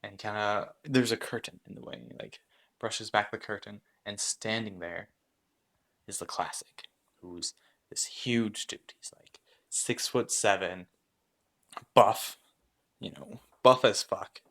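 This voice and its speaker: A man runs a story game as its narrator, describing the scene to his players. His voice is on the low side, and he rambles with lots of fillers and restarts. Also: fairly even intonation, unhurried, creaky, a bit bright. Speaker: game master.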